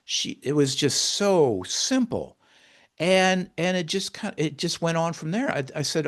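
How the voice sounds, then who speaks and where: A man's voice: a little high, animated, moderate pace. Male interview guest, caregiver and author, earnest and heartfelt storyteller.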